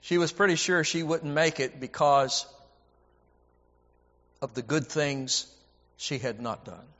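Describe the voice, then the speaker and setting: A man's voice: a little high, takes it slowly, fairly bright tone. A man preaching a sermon, emphatic and repetitive, often stammering as he restarts a phrase. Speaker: preacher and Bible teacher. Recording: dull audio with long hall reverb.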